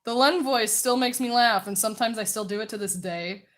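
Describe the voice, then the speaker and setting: A woman streamer chatting casually while she draws, naturally loud, chatty and self-mocking, laughing often. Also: a little high, brisk.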